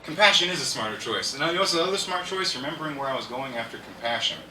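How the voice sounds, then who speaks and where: A man performs a stand-up comedy set recorded live at an indoor show, rambling and laughing at his own jokes. His medium-pitched voice is rapid-fire with lively intonation, picked up by a distant mic in an echoey room with faint hiss.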